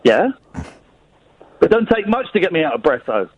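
A man's voice: a little high, sing-song, normal speed, husky, lo-fi sound. A man hosting a late-night radio phone-in, out of breath and talking in a playful, teasing way from a spot outside the studio. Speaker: radio host. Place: hiding outside the studio building.

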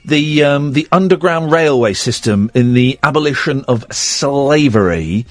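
A man's voice: medium pitch, lively intonation, a little slow, no echo. Jokey, rambling male radio host. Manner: rambling, jokey, self-mocking. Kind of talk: casual radio chat. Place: radio studio. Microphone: studio mic.

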